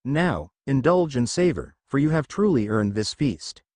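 A man voicing a poised, gracious female adventurer with a slightly formal, gently teasing manner. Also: mid-range voice, big pitch swings, a little slow, no echo.

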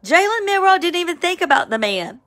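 A woman, giving a casual, emphatic spoken devotional, with sudden excited high cries. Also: a little fast. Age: 50s. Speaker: Christian devotional vlogger. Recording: home, with a siren outside.

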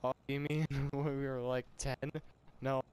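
A man's voice: mid-range voice, flat delivery, a little slow, darkish tone, clear, resonant tone. A young man playing a game and reading its dialogue aloud with casual, sweary commentary, on a glitchy home mic. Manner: casual, swearing, laughing, putting on voices for the game's characters. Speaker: let's player.

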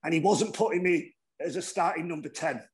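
Northern English man, middle-aged, a touch high-voiced, animated storyteller, swears freely. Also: fairly quick. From northern England. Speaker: guest, former rugby league player. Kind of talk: casual interview storytelling.

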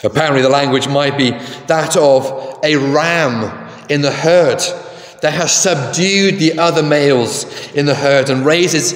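A man's voice: on the high side, unhurried. A man preaching a sermon in a conversational way, asking the congregation questions. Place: large church. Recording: echoey church with long reverb.

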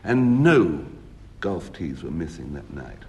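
Wry deadpan male storyteller. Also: a bass voice. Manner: wry, deadpan delivery with dramatic pauses. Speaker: comedy panelist. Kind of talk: comic storytelling on radio panel show.

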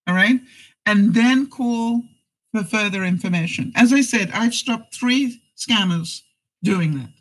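A woman's voice: medium pitch, unhurried, poor audio. A woman vlogger talking casually to camera with advice, telling stories chattily, acting out phone calls and laughing between points. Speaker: vlogger giving life advice. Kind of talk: casual direct-to-camera chat.

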